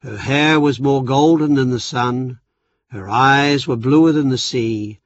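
A man reads a storybook chapter at an unhurried pace, his mid-range voice steady and even. The recording is dry and close, with a slightly dull, muffled tone. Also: mid-range voice, no room sound. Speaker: narrator. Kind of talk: audiobook narration.

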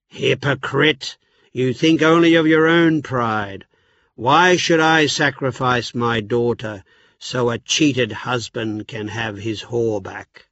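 A man voicing an angry, proud Greek king who shouts in anger, in a storybook reading. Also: mid-range voice, slow, no room sound, highs cut off. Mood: furious.

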